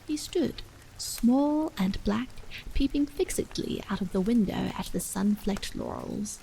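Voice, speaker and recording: A woman reading a bedtime horror story aloud as whispered role-play, hushed and unhurried. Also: medium pitch, lively intonation, creaky, a little hiss or hum, low-quality recording. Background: rain.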